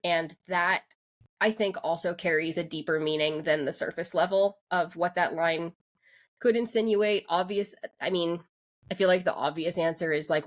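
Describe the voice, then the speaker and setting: A woman's voice: lowish voice, normal speed. Chatty woman reviewing anime on a podcast. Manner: rambling, full of "like" fillers and restarts. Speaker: podcast co-host. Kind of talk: casual anime review chat.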